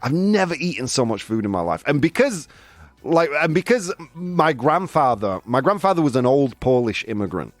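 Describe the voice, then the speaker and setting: A man's voice: mid-range voice, sing-song, moderate pace, dry recording, soft background music. A male radio host in casual studio chat, self-mocking and laughing often.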